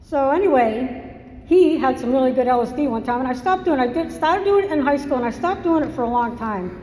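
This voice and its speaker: A woman's voice: high voice, lively intonation, a little fast, a little mellow, a little hiss or hum. A woman from Massachusetts telling her own story in a candid, self-mocking, conversational way. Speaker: speaker sharing a recovery story. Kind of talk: personal testimony talk. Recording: echoey hall with long reverb.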